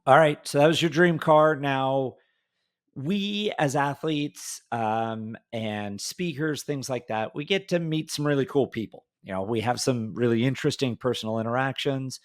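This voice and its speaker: A man's voice: medium pitch, moderate pace. Man, podcast host, casual interview chat, loose and conversational, fillers. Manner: chatty, searching for words, many fillers.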